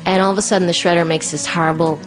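A woman telling a personal story in a chatty way, full of "like" and "you know", jumping up high when she acts out voices. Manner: lively, acts out quoted voices in a much higher pitch.

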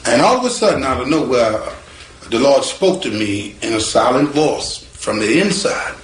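A man, a guitarist from North Carolina, telling his life story in a lively, colloquial way. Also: medium pitch, moderate pace, a little hiss or hum. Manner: colloquial, lively, acts out voices with laughter. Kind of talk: animated spoken storytelling. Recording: roomy sound with faint guitar behind.

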